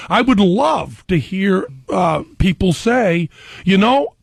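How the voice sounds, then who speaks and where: A middle-aged man, a guest on a talk radio show, telling rambling, animated stories on a studio mic. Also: sits high, slow, creaky, breathy edge, dry recording.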